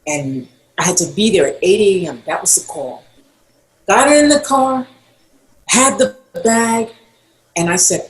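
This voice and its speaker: A woman's voice: lowish voice, measured pace. A woman guest on a podcast interview, telling a story and acting out the quoted dialogue. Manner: animated, acts out quoted dialogue. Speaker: podcast guest, costume designer. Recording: roomy echo.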